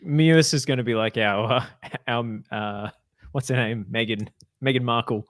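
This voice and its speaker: A man's voice: mid-range voice, moderate pace, no echo. A man with an Australian accent co-hosting a podcast, teasing in a dry way and stumbling over fillers as he searches for words. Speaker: podcast co-host. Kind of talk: casual chat.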